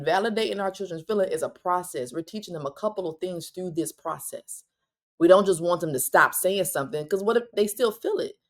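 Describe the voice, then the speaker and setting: A woman hosting a solo parenting podcast, talking directly and bluntly to listeners, with quick asides and restarts. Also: on the low side. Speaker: podcast host.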